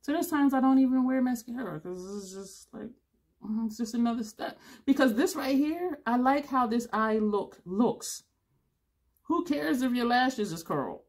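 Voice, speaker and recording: A woman's voice: on the high side, expressive, moderate pace, a little mellow. A woman in her fifties chatting casually to camera as a beauty vlogger, blunt and rambling, laughing now and then, a little tired. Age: 50s.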